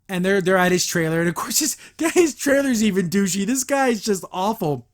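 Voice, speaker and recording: A man hosting a podcast, reviewing a cartoon episode in a rambling, animated way, acting out the characters as he retells it. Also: high voice, brisk, hardly any pauses. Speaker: podcast host.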